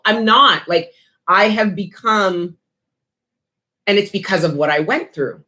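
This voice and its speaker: A woman's voice: medium pitch, normal speed, bright, forceful tone. A woman giving a casual spiritual tarot reading, talking bluntly with lots of swearing and street slang. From Canada. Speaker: tarot reader.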